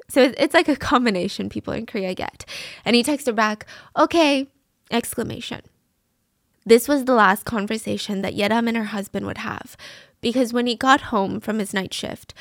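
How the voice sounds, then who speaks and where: A woman's voice: fairly high pitch, vocal fry, no room sound, studio quality. A woman narrating a true crime case in a casual, conversational way, earnest and openly moved.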